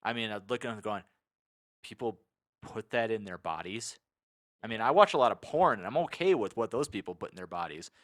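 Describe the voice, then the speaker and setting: A man co-hosting a casual gaming podcast, rambling through animated stories and mock rants. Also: on the low side, very fast, few pauses. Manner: rambling, animated anecdotes with quoted asides. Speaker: podcast co-host. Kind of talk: casual chat.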